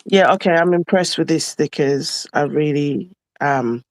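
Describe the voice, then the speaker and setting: A woman hosting a casual nail chat, relaxed and frank, swearing offhandedly while she works. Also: sits low, measured pace, hardly any pauses, no room sound. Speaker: nail artist host.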